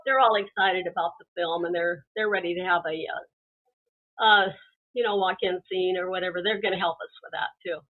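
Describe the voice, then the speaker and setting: A woman's voice: lowish voice, fairly even intonation, fairly quick. A woman guest calling in to a talk show, chatting in an easygoing, conversational way. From American West. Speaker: guest, film producer. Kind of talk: casual interview chat. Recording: tinny phone line.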